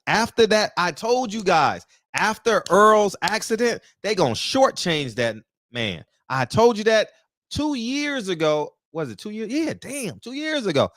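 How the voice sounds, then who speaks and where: A man's voice: sits high, fairly bright tone, dry recording, clean studio sound. A man hosting a commentary show, ranting heatedly and firing off rhetorical questions. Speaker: boxing commentary host.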